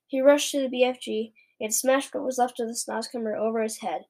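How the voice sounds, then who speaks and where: A woman reads a children's storybook aloud, steady and plain. Her voice sits fairly high. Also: a little fast, rough recording. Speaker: reader.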